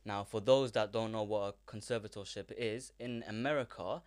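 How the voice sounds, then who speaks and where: A man's voice: fairly low pitch, steady tone, moderate pace. A young man co-hosting a casual podcast, chatty and plainly explaining a story. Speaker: podcast co-host.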